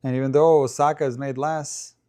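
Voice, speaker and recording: A man's voice: medium pitch, steady tone, brisk, dark tone. Man chatting through live match commentary. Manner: chatty, thinks aloud, addresses viewers.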